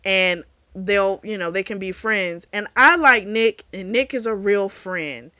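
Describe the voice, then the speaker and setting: A woman talks through a book's plot in a loose, animated way, peppering it with fillers and the occasional curse. Her voice is bright and forceful. The sound is close and dry, with no room around it. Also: medium pitch, measured pace, no room sound. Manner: animated retelling full of fillers and swearing. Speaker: book reviewer. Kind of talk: casual spoken book recap.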